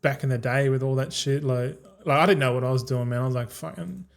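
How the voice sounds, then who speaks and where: A man's voice: medium pitch, level tone, quick pace. A young man streaming a game, rambling and ranting casually with lots of swearing. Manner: rambling, profane, fired-up ranting.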